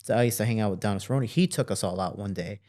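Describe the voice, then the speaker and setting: A young man, a fighter and podcast guest, telling a story in a casual, animated way and acting out the voices in his quotes. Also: fairly low pitch, racing.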